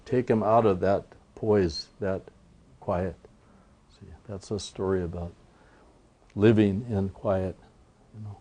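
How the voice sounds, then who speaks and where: Man, storyteller, reflective, unhurried, low pitch, warm tone. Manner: unhurried, reflective, frequent "you know". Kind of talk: teaching talk with a traditional story.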